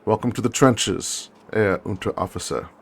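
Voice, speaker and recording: Brief: a haughty, condescending officer issuing clipped orders, read by a man in a deep, gravelly voice. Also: normal speed, slight background noise, natural voice. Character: condescending male German army lieutenant.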